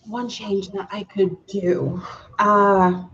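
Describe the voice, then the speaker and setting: A woman's voice: mid-range voice, steady tone, extremely slow, fairly bright tone. Guest spot: woman, lightly British-tinged island accent, gracious and thoughtful, muffled lo-fi line. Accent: Caribbean island English with British influence. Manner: gracious, thoughtful, hesitant starts. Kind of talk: casual interview chat. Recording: dull lo-fi audio.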